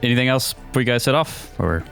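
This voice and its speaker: A man acting as game master, narrating a tabletop game in a relaxed, rambling way with lots of fillers. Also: mid-range voice, fast, gravelly, soft background music.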